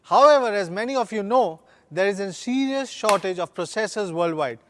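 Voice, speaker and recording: A middle-aged man, delivering a rousing scripted keynote at a product launch with measured, slogan-filled emphasis. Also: high voice, lively intonation, a little hiss or hum. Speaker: company executive giving a product launch keynote.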